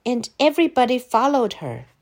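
A woman from China reading a children's picture book aloud in a slow, clearly paced, very animated way. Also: on the high side. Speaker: storyteller. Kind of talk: children's storybook read-aloud.

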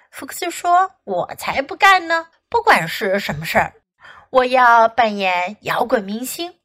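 A woman English teacher reading a children's storybook aloud in two languages, slow and expressive. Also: a little high.

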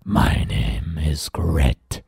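A man voicing a big, scary male monster in a children's story, with a slow, breathy half-whisper. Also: extremely low pitch, a little mellow, dry recording, clean studio sound, pitched below the performer's own voice, exaggerated voice. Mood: eerie.

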